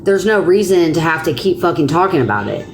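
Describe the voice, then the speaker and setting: A woman hosting a live stream, talking loudly and bluntly and swearing often in casual chat. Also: lowish voice, big pitch swings, brisk.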